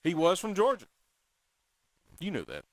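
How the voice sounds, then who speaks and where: Animated man in casual chat. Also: high voice, a little slow, no echo. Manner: animated, quotes movie lines in a drawl. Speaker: podcast co-host.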